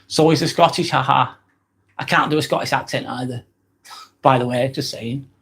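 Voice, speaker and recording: A man's voice: mid-range voice, fairly even intonation, normal speed, vocal fry, fairly bright tone, husky. An English man hosting a live vlog, reading out chat comments in a casual, rambling way with repeats and fillers. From England. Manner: rambling, repeats himself, frequent ums.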